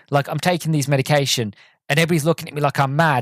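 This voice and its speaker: A man hosting a podcast, reviewing a movie in a rambling, excitable monologue full of stumbles and restarts. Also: fairly high pitch, very fast, no echo, clean studio sound. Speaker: podcast host.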